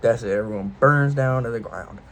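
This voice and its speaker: A man's voice: mid-range voice, a little fast, a little hiss or hum, low-quality recording. A man casually retelling a game series' story in a rambling, offhand, irreverent way, full of loose jokey paraphrase. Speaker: video host.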